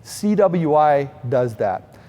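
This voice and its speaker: A man's voice: a little high, very animated, slow, warm tone, in a large hall. A middle-aged man giving a heartfelt storytelling speech at a fundraising event, speaking earnestly to the audience.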